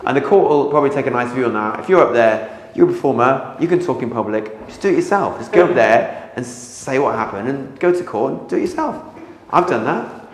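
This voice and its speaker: A man's voice: mid-range voice, a little fast, slight background noise. A man, a comedian guest, animatedly telling a story in an interview and acting out the dialogue. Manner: animated, acts out dialogue, laughs at his own story. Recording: echoey room with long reverb.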